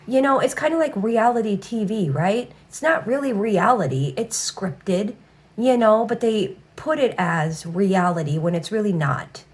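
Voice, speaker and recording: A woman at medium pitch delivers an unhurried, expressive tarot reading in a casual manner. Blunt and foul-mouthed, she returns to "all right" repeatedly.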